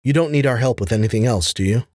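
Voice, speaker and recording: A man's voice: mid-range voice, fast talker, a little mellow, dry recording, studio quality, close to an everyday voice. A man voicing a tense, hostile woman soldier who talks in a clipped, sneering, suspicious way.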